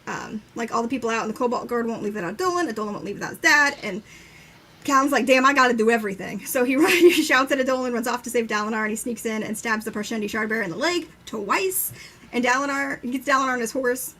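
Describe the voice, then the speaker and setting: Fast-talking excitable young woman. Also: on the high side. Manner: enthusiastic, swears freely, acts out quotes with laughter. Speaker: book discussion co-host. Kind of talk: casual live-stream book chat.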